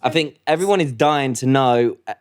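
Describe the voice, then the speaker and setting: A man's voice: medium pitch, moderate pace, clear, resonant tone, no echo, clean studio sound. A man co-hosting a podcast, easygoing, laughing along and leading the questions. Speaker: podcast co-host. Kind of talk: casual chat.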